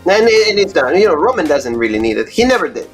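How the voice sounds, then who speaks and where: A man's voice: fairly high pitch, very animated, fast talker, soft background music. A man in casual podcast chat, reviewing wrestling with lots of "like" and "you know" fillers.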